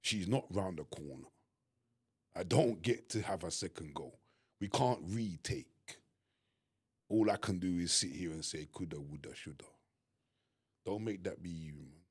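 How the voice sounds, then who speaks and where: A man co-hosting a podcast, talking earnestly and emphatically with halting restarts. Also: low voice, animated, husky. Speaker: podcast co-host. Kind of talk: candid conversation.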